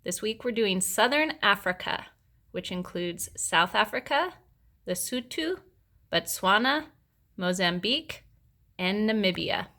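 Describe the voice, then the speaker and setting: A woman presenting a lesson, reading scripted prompts in a clear, instructive way. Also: medium pitch, animated, measured pace, sharp tone.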